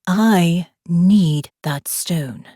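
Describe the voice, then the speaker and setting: A woman voicing a rough young Italian man with an Italian accent, sneering and pleading by turns. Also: medium pitch, lively intonation, slow pace, no room sound, clean studio sound.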